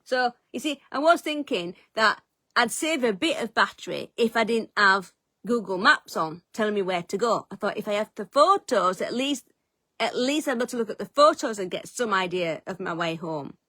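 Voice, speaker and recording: A woman's voice: medium pitch, lively intonation, normal speed, bright, forceful tone, dry recording. A woman telling a story as a vlogger in casual chat, self-mocking and swearing freely. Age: adult, eldest of three siblings.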